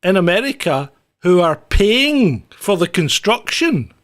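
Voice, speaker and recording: Man, podcast co-host, laughs a lot, rambling, high animated voice. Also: slow pace. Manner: laughs often, rambling asides. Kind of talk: casual banter.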